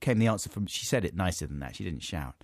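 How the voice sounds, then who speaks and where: This is a man in relaxed comedic chat, his voice swooping up and down with lively energy. He reads letters aloud and keeps breaking into laughter. The sound is close and dry, with no room around it. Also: sits low, fast talker, no room sound. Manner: playful, giggly, reads listener letters. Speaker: podcast co-host.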